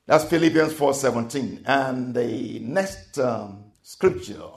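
A man preaching a sermon, repeating each point and swinging between soft and loud emphasis. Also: medium pitch, expressive, slow pace, vocal fry.

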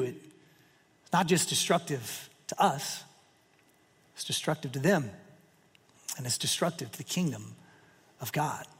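A man preaching a sermon, retelling a parable with emphatic asides and lively storytelling. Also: on the high side, husky, big-room sound. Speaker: pastor.

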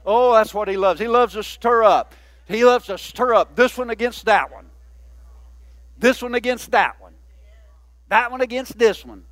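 A man's voice: very high-pitched, animated, moderate pace, long pauses, a bit bright, no room sound. A man, a pastor, preaching a sermon in a folksy, conversational way with many asides to the church.

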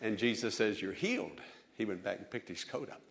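A man preaching a sermon as pastor, fervent, moving between hushed storytelling and loud exhortation. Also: lowish voice, fairly even intonation, fast, some chatter behind, slight background noise.

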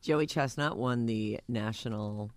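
A man's voice: medium pitch, measured pace, very noisy. A man, hosting a radio show in casual, wry banter that drifts between topics. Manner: wry, chatty, trails off mid-sentence.

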